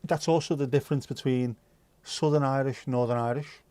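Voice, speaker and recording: A man's voice: medium pitch, steady tone, moderate pace, dark tone, clear, resonant tone, no room sound. A man with a Liverpool accent hosting a livestream, chatting casually in a jokey, rambling way. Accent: Liverpool (Scouse). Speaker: livestream host.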